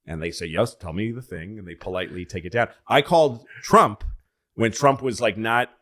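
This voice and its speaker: A man's voice: fairly low pitch, normal speed. A middle-aged man from Massachusetts telling stories in casual podcast chat, acting out the voices of the people he quotes. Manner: animated storyteller, acts out quoted voices.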